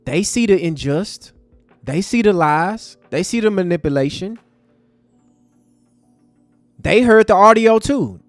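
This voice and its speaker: Impassioned high-voiced male livestream host. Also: expressive, slow, pauses often, dry recording, faint music behind. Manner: impassioned, preachy, talks to chat as family. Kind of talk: livestream commentary.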